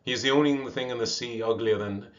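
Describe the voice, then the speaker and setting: A man's voice: medium pitch, fast, dull audio, close to an everyday voice. A man voicing a rude gull that screams mocking insults, read aloud in a storybook. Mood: jeering. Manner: jeering.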